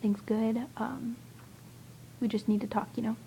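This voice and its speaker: A young woman chats to a friend in a hushed, rambling whisper, hesitant and full of fillers. Her voice sits a bit high but sounds dark and gravelly. A faint noise hums behind her. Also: level tone, measured pace, poor audio. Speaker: vlogger. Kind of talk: casual whispered video chat to a friend.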